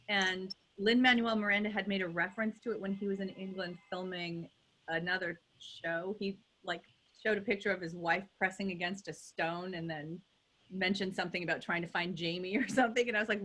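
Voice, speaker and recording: A woman's voice: medium pitch, a bit bright. A woman dialect coach in a casual video call chat, enthusiastic and effusive.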